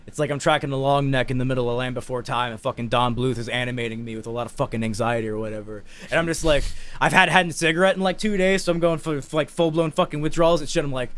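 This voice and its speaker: A young man co-hosting a podcast, telling a story in casual, profane chat and bursting into shouts as he acts out his panic. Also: a little high, animated, a little fast, no echo. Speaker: podcast co-host.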